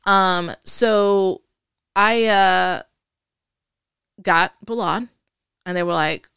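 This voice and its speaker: A woman's voice: mid-range voice, very slow, long pauses, a bit bright, clear, resonant tone, no echo, studio quality. A woman as an interview guest, chatting casually and acting out quoted dialogue as she tells her story.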